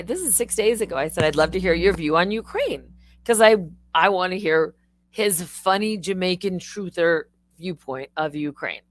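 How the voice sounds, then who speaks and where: A woman live streaming, chatting casually in an excitable, rambling way, swearing and laughing often. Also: lowish voice, no room sound.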